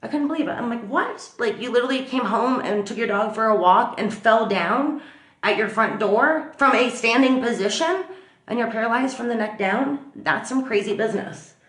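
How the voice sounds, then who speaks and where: A woman vlogger telling a story in a chatty, animated way, full of fillers. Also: fairly high pitch, normal speed, roomy sound. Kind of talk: casual storytelling to camera. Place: at home.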